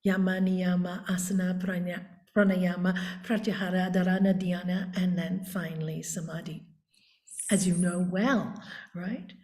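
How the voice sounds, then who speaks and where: Woman, yoga teacher, interview guest, warm voice, deliberate storytelling, echoey room. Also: lowish voice, level tone. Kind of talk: reflective storytelling. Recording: roomy echo.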